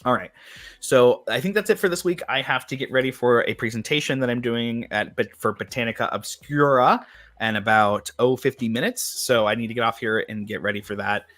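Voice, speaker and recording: A man's voice: mid-range voice, a little fast, a bit bright. A man hosting a casual craft livestream, chatty and upbeat, rambling a little as he reads viewer comments. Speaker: host of a craft and witchcraft livestream.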